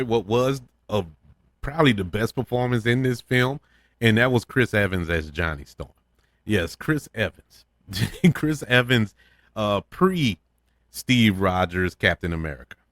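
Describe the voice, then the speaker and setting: A man's voice: mid-range voice, normal speed, a bit bright, no room sound, studio quality. A man hosting a casual spoken film review, opinionated, who chuckles often and repeats words as he thinks. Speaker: podcast host reviewing films.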